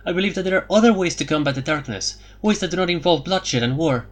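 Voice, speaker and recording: A regal young queen, firm and earnest, played by a man reading the audiobook, in a high, lively voice that rides up on every conviction. She speaks with steady resolve and courtly poise. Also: quick pace. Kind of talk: audiobook character voice.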